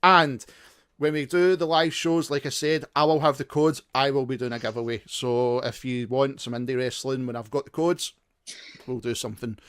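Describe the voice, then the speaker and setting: A man's voice: medium pitch, normal speed, clear, resonant tone. A young Scottish man hosting a podcast, laughing and swearing through a casual sign-off. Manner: sweary, laughing, lively banter. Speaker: podcast host.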